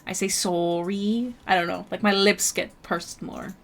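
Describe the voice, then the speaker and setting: With a lowish, fairly bright voice, vocal fry and a flat delivery at normal speed, a young woman chats casually with viewers while drawing on stream. She's an art streamer with a Canadian accent, broadcasting from home, bubbly and full of fillers.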